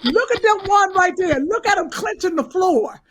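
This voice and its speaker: A woman co-hosting a comedic casual chat, with loud, laughing interjections. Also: very high-pitched, expressive, moderate pace. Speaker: co-host.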